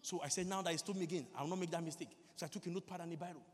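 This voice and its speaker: High-pitched man preaching, reverby hall, goes from hushed prayer to loud stammering bits. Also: steady tone, very fast. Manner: mimics stammering, prays in tongues. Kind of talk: sermon.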